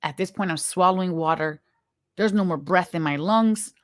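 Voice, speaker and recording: Woman, earnest first-person storyteller, halting delivery, dry close recording. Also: lowish voice, no echo. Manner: earnest, halting, emotional retelling. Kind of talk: personal story told to viewers.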